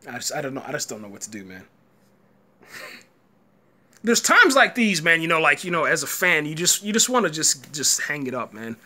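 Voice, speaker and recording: A man's voice: a little high, big pitch swings, a little fast, pauses often, pushed and bright. A man giving a live, rambling reaction rant, frustrated and full of fillers like "man". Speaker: boxing commentator host.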